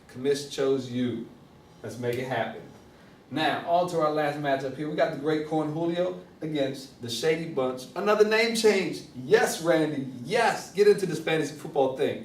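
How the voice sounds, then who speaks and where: A man's voice: medium pitch, a little mellow, slight background noise. A young man, a league commissioner, running through fantasy football picks in a joking, upbeat casual rundown. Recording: echoey room, mic at a distance.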